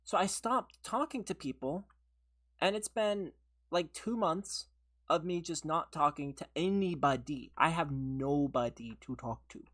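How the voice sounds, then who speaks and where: A woman's voice: sits low, a little slow, fairly bright tone. A woman chatting casually on her gaming livestream, venting in an exasperated way and saying "like" a lot. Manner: venting, exasperated, heavy use of "like". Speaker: livestream gamer.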